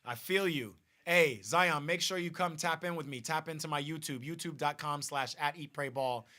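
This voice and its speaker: Excitable man hosting a football stream. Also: on the high side, moderate pace. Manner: excitable, repeats and restarts, talks to viewers directly. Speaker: host of a football watch party stream. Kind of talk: casual live-stream chat.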